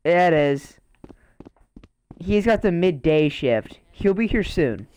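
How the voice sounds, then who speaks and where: A man playing a prison guard in an online game's voice chat, barking short, bossy commands over and over. His voice sits a little higher than most men's. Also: lively intonation, takes it slowly, darkish tone, clear, resonant tone, rough recording. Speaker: game player acting as prison guard. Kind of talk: casual game role-play over voice chat.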